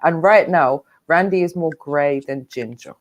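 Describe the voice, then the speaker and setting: Blunt, bantering woman with a low voice. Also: measured pace. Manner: blunt, bantering, laughs often. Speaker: panelist. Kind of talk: casual panel chat.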